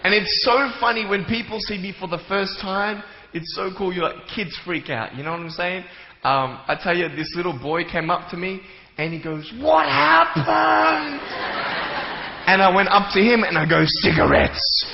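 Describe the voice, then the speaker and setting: A man's voice: high-pitched, steady tone, moderate pace, background noise. Playful man in an echoey hall. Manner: playful, joking, acts out little scenes. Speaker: motivational speaker. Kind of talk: humorous talk to a live audience. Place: large hall with an audience. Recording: echoey hall, slightly dull sound.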